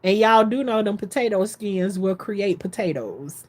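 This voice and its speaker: A woman vlogging in a casual, excitable storytelling style, rambling between topics and talking straight to her viewers. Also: medium pitch, unhurried. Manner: chatty, folksy, addresses viewers directly.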